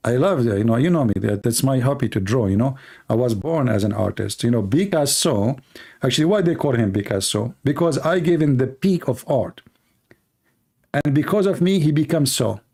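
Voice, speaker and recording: A man's voice: mid-range voice, animated, normal speed, gravelly, dark tone, husky. A man hosting a livestream, giving mocking commentary in a sarcastic, jokey, repetitive way, with the grammar of a non-native English speaker. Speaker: livestream host.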